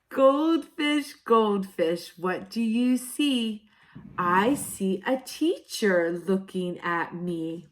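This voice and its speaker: Slow sing-song woman teacher reading aloud. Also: on the high side, animated. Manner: slow, sing-song, exaggerated storybook delivery with playful asides. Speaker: kindergarten teacher. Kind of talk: reading picture books aloud to young children.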